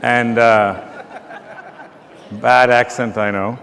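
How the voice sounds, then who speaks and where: A man giving a festival lecture in a rambling, self-mocking way, often pausing with fillers. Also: medium pitch, steady tone, creaky, a bit bright. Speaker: keynote lecturer. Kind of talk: informal speech with anecdotes. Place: large festival lecture hall. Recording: reverberant lecture hall.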